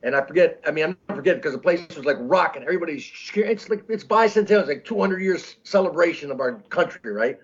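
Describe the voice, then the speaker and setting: Guest comic in his sixties, a bit high, rambling restarts, dull lo-fi sound. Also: expressive, husky. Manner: rambling, halting with many restarts. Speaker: comedian guest. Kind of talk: casual storytelling interview. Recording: dull lo-fi audio.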